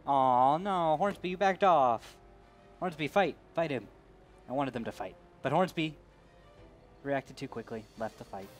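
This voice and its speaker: A man's voice: mid-range voice, lively intonation, unhurried, faint music behind. A man doing color commentary on an esports match, goofy and jokey, with dry asides. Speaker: esports co-caster.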